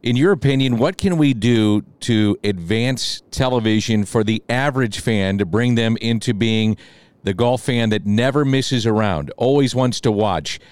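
A man co-hosting a golf podcast, asking long, measured questions. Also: medium pitch, darkish tone, clean tone, dry recording. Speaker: podcast co-host. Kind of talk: interview questions.

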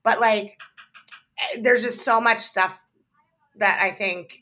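Chatty bright-voiced woman co-host. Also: medium pitch, fairly even intonation, slow pace. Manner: chatty, uses lots of "like" and "kind of". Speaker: podcast co-host. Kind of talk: casual chat. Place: hotel room.

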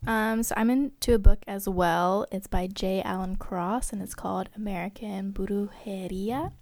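A woman's voice: medium pitch, steady tone, a little slow, a little mellow, no room sound. A woman co-hosting a podcast in casual chat, talking loosely with many likes and ums. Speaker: podcast co-host.

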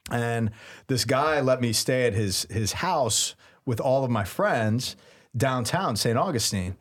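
A man in his thirties, a priest and podcast co-host, telling a story in a lively, laughing way. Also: medium pitch, takes it slowly. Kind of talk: casual storytelling chat.

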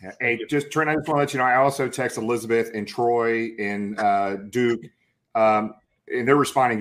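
A man's voice: mid-range voice, fairly even intonation, normal speed, a little hiss or hum. A middle-aged man hosting a casual sports interview, enthusiastic and full of hype, calling his guest brother and man. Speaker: host.

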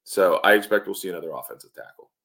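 A middle-aged man co-hosting a sports podcast, thinking aloud in a measured way with fillers. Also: deep voice, expressive, creaky, fairly bright tone. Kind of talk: casual sports talk.

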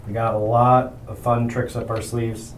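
A man's voice: medium pitch, flat delivery, moderate pace, far from the mic. Joking man guest, echoey and noisy. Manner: joking, playful. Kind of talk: casual chat.

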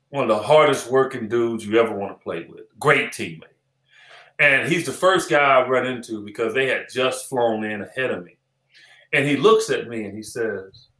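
A man in his sixties, a former player turned analyst, tells stories in an interview chat. His voice is bright and forceful, and he acts out quoted lines and repeats phrases for emphasis. The recording sounds roomy and echoey. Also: medium pitch. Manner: animated storyteller who acts out quoted dialogue and repeats phrases. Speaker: former basketball player and analyst as podcast guest.

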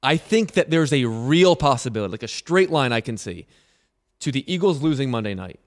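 A man co-hosting a sports radio show, making a wry, argumentative case in quick banter. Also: mid-range voice, expressive. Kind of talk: casual sports talk banter.

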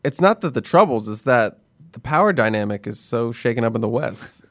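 A man's voice: mid-range voice, animated, fairly quick, a bit bright, dry recording. Male podcast host, casual and offhand, dry close-miked voice. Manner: offhand, laughing while making predictions. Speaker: show host. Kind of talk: casual sports podcast chat.

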